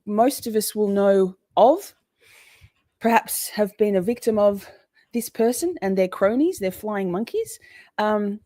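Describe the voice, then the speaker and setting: A woman's voice: mid-range voice, warm tone, no room sound. Chatty woman livestreamer, dry close sound. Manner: rambling, chatty, swears freely, breaks off to greet chat. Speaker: livestream host. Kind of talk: casual livestream commentary.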